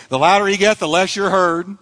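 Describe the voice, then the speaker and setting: Man preaching in a reverberant hall. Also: high-pitched. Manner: animated preaching, acts out quoted lines. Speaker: pastor. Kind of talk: sermon.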